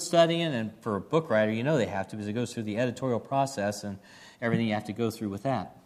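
Male pastor, earnest sermon delivery, voice a bit higher than most men, keeps asking the congregation questions. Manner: earnest, asks the listeners direct questions; reads scripture then explains it.

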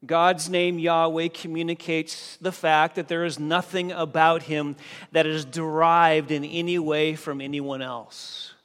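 Slow-preaching man in a reverberant hall. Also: fairly high pitch, flat delivery, fairly bright tone, smooth. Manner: slow, emphatic preaching with rising, stressed key phrases. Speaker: pastor. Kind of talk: sermon. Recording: long reverb of a large hall.

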